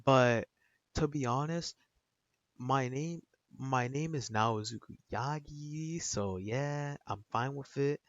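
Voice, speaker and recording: An easygoing teenage hero boy, as a man puts him on, relaxed and offhand with plenty of slang. The voice sits mid-pitched, and the recording is dull and lo-fi with a dry, close sound and no room around it. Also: slow, no room sound.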